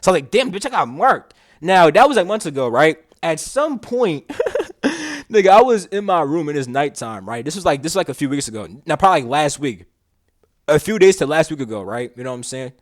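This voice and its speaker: A man's voice: fairly high pitch, sing-song, a little fast. A young man hosting a podcast, telling a story in a slangy, rambling, casual way with many restarts and curses. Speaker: podcast host.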